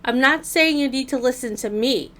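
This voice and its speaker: Bright-voiced sarcastic woman commentator. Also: high voice, normal speed. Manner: sarcastic, scolding. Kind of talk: mocking voice-over commentary.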